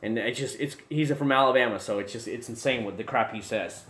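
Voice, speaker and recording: A young man casually chatting to his livestream viewers from a room at home, rambling, restarting sentences and breaking into excited bursts. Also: mid-range voice, brisk. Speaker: livestream host. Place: home room with desk and gear.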